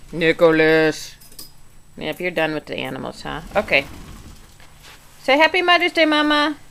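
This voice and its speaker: A woman's voice: fairly low pitch, vocal fry, bright, forceful tone. A mother filming a home video, coaxing and cheering on her toddler in a sing-song, baby-talk way.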